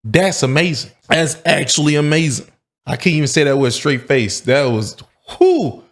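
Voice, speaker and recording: A man with a fairly high voice hosts a casual reaction commentary. He talks over a clip, tossing off jokey, incredulous asides. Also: very animated, normal speed. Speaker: commentary host.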